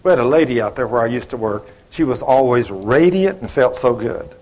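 A man's voice: medium pitch, animated, a little fast, a little mellow. A middle-aged man preaching a sermon, telling folksy stories and acting out both sides of the conversations.

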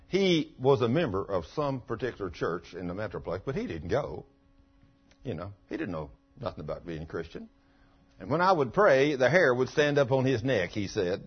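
Man, husky voice, lively pitch, folksy sermon testimony, dull lo-fi recording. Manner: folksy, rising to fervent outbursts. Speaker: preacher telling a testimony. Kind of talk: sermon storytelling.

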